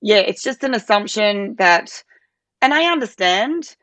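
A woman's voice: medium pitch, lively intonation, measured pace, a bit bright, no room sound. A woman in her thirties, a guest on an interview podcast, explaining things earnestly with many "you know"s and "I suppose"s. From Australia. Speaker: podcast guest, parent advocate. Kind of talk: casual interview talk.

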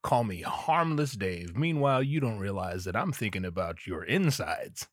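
A man's voice: fairly low pitch, very animated, moderate pace, no echo, pitched below the performer's own voice. A man voicing a lecherous old man who sits in a gym jacuzzi, talking in a sly, leering, mock-innocent way.

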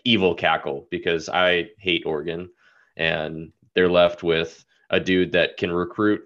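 A man's voice: low-pitched, a bit bright, lo-fi sound. A man hosting a casual sports podcast, talking in a brash, joking way and swearing freely. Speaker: podcast host.

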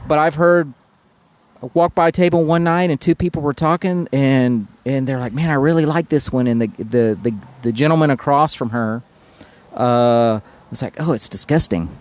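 A man's voice: medium pitch, normal speed, a little mellow. Easygoing man talking shop, lots of fillers. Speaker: brewery guest. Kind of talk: casual podcast conversation.

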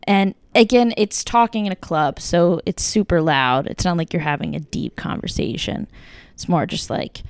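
A young woman telling a story in casual chat, full of "like" and "kinda", quoting people in lively bursts. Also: lowish voice, normal speed, smooth, no echo.

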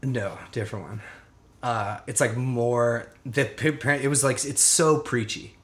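A man's voice: medium pitch, measured pace, fairly bright tone. Casual male podcast co-host, loose and rambling, laughs a lot, curses freely. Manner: laid-back, rambling, laughs often, swears freely. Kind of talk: casual chat.

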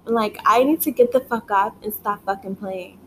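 A woman's voice: medium pitch, normal speed, fairly bright tone, slight background noise. A young woman vlogging casually from her living room, rambling, swearing often and filling every phrase with "like". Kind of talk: casual rambling chat to camera. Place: living room at home, indoors.

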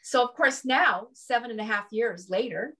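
A woman's voice: on the high side, normal speed, pushed and bright, breathy edge. A woman talking as a guest in a casual interview, chatty and often checking in with "right?" and "you know".

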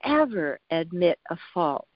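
Measured woman psychologist, muffled dry audio. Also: lowish voice, very animated, no echo. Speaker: psychologist guest. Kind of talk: conversational interview. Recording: dull lo-fi dry sound.

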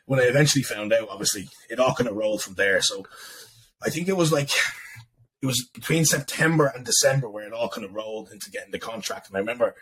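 Fast-talking man, profane storyteller. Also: mid-range voice, animated, fairly bright tone, poor audio. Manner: emphatic, profane, repetitive. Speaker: guest. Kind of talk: emotional storytelling in a podcast chat.

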